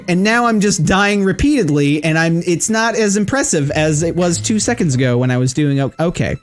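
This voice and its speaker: An excitable man streams a game live, talking to his chat and swearing freely. His pitch leaps all over the place in a lively, bouncy delivery. Game music plays clearly behind him. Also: fairly quick, hardly any pauses. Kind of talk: live gameplay commentary.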